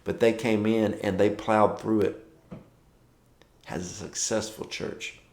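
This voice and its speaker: A man's voice: on the low side, steady tone, slow pace, darkish tone, roomy sound. A man giving a casual morning devotional as a pastor, telling stories and acting out quoted dialogue in a conversational way.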